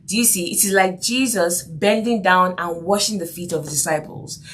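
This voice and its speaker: A lower-voiced woman at a moderate pace hosts a parenting podcast grounded in faith. Earnest throughout, she repeats key phrases and regularly asks, "do you see what I mean?"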